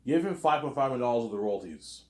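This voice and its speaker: A man's voice: medium pitch, animated, fast. A man acting out an imagined argument by himself, playing every side in an over-dramatic, repetitive way. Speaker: video creator. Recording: roomy echo.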